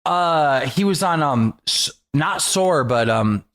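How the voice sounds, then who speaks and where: A man co-hosting a podcast, telling his stories with lots of swearing. His voice swoops around a lot and sits a little high, and he raises it when he acts out what people said. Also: slow. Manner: animated, profane, acts out quotes in a raised voice. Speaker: podcast co-host. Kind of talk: casual podcast storytelling.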